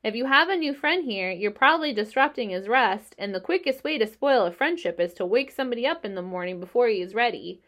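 A woman's voice: fairly high pitch, expressive, fast, hardly any pauses, a bit bright. A woman voicing a stern old sheep who lectures and scolds in a storybook reading. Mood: scolding.

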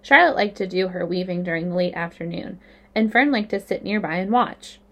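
A woman narrating a children's novel aloud in a clear, expressive storytelling manner. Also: on the low side, fairly quick.

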